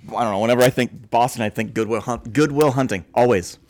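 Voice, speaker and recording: A man's voice: medium pitch, fast talker. A man co-hosting a podcast, hesitant and stumbling over his words. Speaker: podcast co-host. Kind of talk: casual chat.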